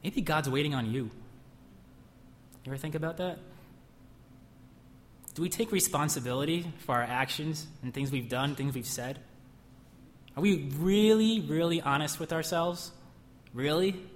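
A man's voice: on the high side, moderate pace, pauses often, a little hiss or hum. A young man preaching a conversational sermon who sometimes bursts into emphasis. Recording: echoey hall, faint ambience.

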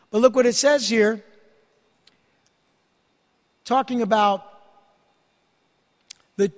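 A man's voice: high voice, long reverb tail. A man preaching a sermon, earnestly teaching and reading scripture aloud. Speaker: pastor.

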